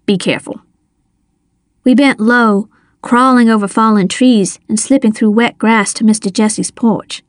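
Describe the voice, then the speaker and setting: Slow, measured woman narrating a story. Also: on the high side, fairly even intonation, dry recording, studio quality. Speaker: audiobook narrator. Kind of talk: first-person storybook narration.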